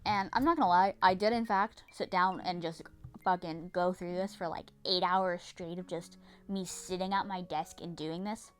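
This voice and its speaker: A woman's voice: on the low side, steady tone, normal speed, clean tone, faint music behind. A young woman narrating her vlog in a casual, dramatic way, swearing and repeating herself often. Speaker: vlogger.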